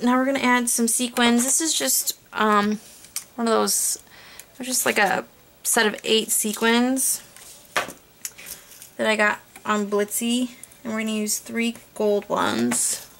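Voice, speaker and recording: Gravelly-voiced woman narrating a craft tutorial. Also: fairly high pitch, slow pace, pauses often, a little hiss or hum. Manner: relaxed, chatty, thinking aloud while working. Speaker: card-making crafter. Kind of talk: casual crafting tutorial voice-over.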